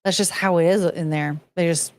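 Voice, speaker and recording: A woman's voice: lowish voice, fairly even intonation, normal speed, dry recording. A woman hosting a casual livestream who rambles, chats to her pet and breaks into bits of song. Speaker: podcast host.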